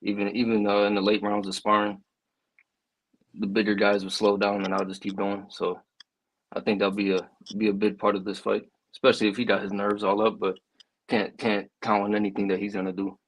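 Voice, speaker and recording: A young man, an amateur fighter, answering interview questions in a hesitant, low-key, understated way. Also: monotone, fairly quick, rough recording.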